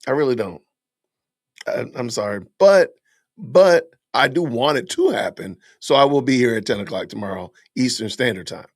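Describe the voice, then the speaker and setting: A man hosts a live stream in an upbeat, chatty way, talking straight to his viewers. His voice has a gravelly edge. The sound is dry and close. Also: mid-range voice, expressive, moderate pace, no echo. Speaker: podcast host.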